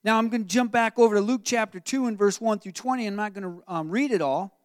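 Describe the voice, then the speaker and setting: A man's voice: high-pitched, quick pace, no echo, studio quality. A man preaching a sermon, switching between storytelling and direct questions to the congregation. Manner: animated preaching, acts out Joseph's voice, asks the room questions. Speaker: pastor.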